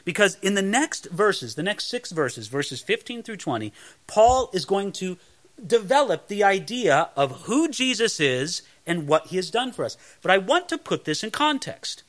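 A male preacher with a high, bright voice delivers an emphatic Bible sermon. He repeats his phrases for weight and stops to ask the listeners questions. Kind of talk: sermon, verse-by-verse Bible teaching.

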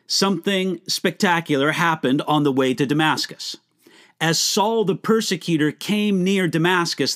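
A man pastor giving a short devotional Bible teaching, earnest and measured, slowing down to stretch key words. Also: on the high side.

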